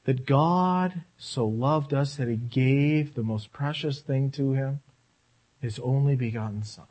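A man preaching a sermon, animated, swinging between loud and quiet and acting out quoted voices. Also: mid-range voice, slow. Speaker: pastor.

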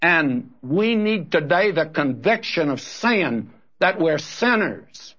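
A man's voice: on the high side, sing-song, slow, a bit bright. A man preaching a sermon in an earnest, direct way, often calling his listeners friend and brother. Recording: dull lo-fi recording.

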